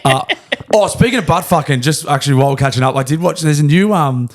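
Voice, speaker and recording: A man's voice: a little high, fast talker, slight background noise. A young Australian man co-hosting a podcast in sweary casual chat, often giving short agreeing replies. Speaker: podcast co-host.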